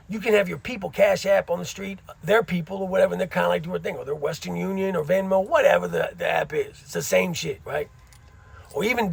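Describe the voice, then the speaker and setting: A man's voice: high voice, vocal fry, slightly rough, dry recording. A middle-aged man casually telling a story from his time in prison, using street slang and frequent asides.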